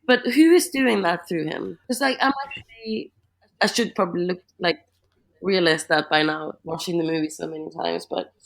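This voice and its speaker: A woman's voice: on the low side, normal speed. Chatty woman musing on a film. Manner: chatty, lots of "like", thinks aloud. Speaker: podcast co-host. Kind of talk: casual film discussion.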